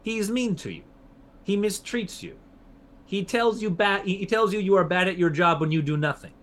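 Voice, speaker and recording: A man voicing a smooth-talking male conqueror who bribes nobles, in a coaxing put-on accent. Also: normal speed, a bit bright, slight background noise. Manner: coaxing, mock-accented pitch.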